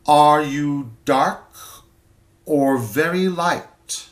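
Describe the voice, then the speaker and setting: A man voicing a curt, impersonal landlady on the phone, with sharp, clipped questions. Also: on the high side, extremely slow, distant mic, voice pushed up. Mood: probing. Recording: roomy echo.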